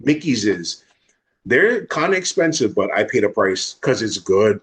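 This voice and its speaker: A young man from Hawaii, telling a wild personal story in a fast, unfiltered way as a podcast guest. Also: on the low side, sing-song, breathy edge. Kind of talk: casual storytelling.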